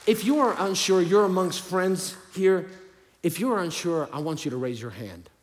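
A man with a high, lifted voice preaches in a church, shifting from booming, joking outbursts to soft, hushed pleas. His casual slang and humor keep the sermon lively. A long reverb from the hall trails every phrase. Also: moderate pace, a little hiss or hum. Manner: animated, swings from loud to hushed.

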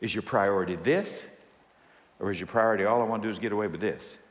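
A man preaching a sermon, animated, acting out quoted voices and calling for responses from the congregation. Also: fairly low pitch, quick pace. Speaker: pastor. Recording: long hall reverb.

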